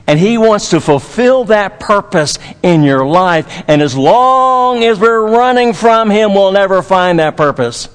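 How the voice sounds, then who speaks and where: A man's voice: high voice, expressive, measured pace, hardly any pauses, clear, resonant tone, long reverb tail. A man from Dallas, Texas, preaching a sermon as pastor, emphatic and repetitive, with folksy humor.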